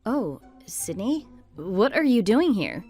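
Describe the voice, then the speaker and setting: A woman voicing a level-headed young wife who narrates and argues calmly with her sister-in-law. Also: fairly high pitch, takes it slowly, soft background music, heavily acted. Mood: exasperated. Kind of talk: texting-story voice acting.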